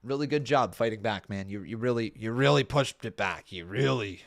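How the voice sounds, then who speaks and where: A man's voice: lowish voice, normal speed, gravelly. A young man from Canada doing casual live-stream commentary, exclaiming and laughing often as he looks back at old videos.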